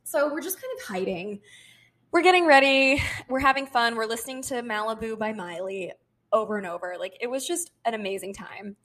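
A woman in her twenties co-hosting a podcast, telling a story in casual chat, animated and emphatic, swearing freely. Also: a little high, a little fast. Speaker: podcast co-host.

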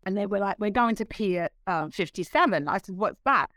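A woman in her sixties, a guest telling stories in a casual interview, animated and laughing, acting out what others said. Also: medium pitch, normal speed, no echo. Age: 60s. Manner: animated, laughing, acts out quoted voices.

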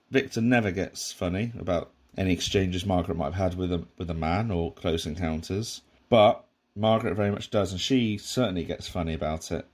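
A man's voice: on the low side, a little mellow. A man giving a casual, rambling commentary on a sitcom episode, with frequent restarts and asides. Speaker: podcast host reviewing a sitcom.

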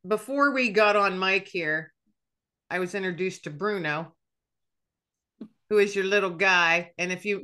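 Brief: woman podcast host, crisp bright tone, friendly. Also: fairly low pitch. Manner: friendly, addresses listeners directly. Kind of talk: casual podcast interview.

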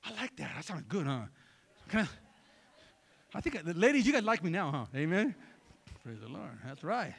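A man preaching a sermon in an animated way, throwing joking asides to the congregation. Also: fairly high pitch, normal speed, creaky, pauses often, breathy edge. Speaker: pastor.

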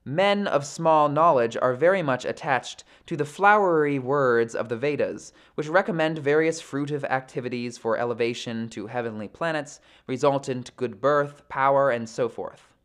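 Man reading scripture, measured and reflective. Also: mid-range voice, fairly bright tone. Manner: measured, reflective, slows down to think; hesitant fillers in commentary. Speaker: podcast host reading scripture.

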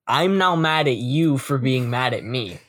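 A man's voice: mid-range voice, expressive, unhurried, fairly bright tone, no room sound. A man co-hosting a podcast, ribbing his friends with dry exasperation. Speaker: podcast co-host. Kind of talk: casual joking chat.

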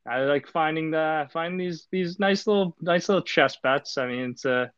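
A man co-hosting a casual sports podcast, talking in a laid-back, rambling way with lots of fillers and deadpan jokes. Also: a little high, moderate pace, clear, resonant tone, no echo, muffled recording. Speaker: podcast co-host.

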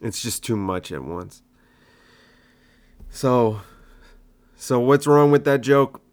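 The young stand-up comedian takes things slowly here, his medium-pitched voice moving with lively intonation. It's a casual solo podcast where he wanders from topic to topic and ribs his own old jokes.

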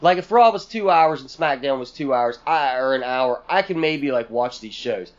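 A man's voice: medium pitch, animated, normal speed, lo-fi sound. A man co-hosting a podcast, venting in a profane, exasperated rant full of sarcastic mock quotes. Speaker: podcast co-host.

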